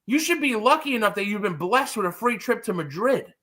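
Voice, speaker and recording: A young man co-hosting a casual reality-TV recap, blunt and profane, ranting with animated energy. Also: high-pitched, fairly quick. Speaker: podcast co-host.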